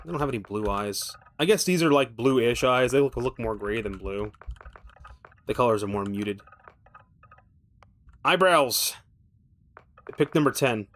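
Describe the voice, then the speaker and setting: A man's voice: medium pitch, animated, measured pace, long pauses, a bit bright. A man streaming a game, thinking aloud with casual commentary that rambles, swears freely and slips in wry, self-mocking asides.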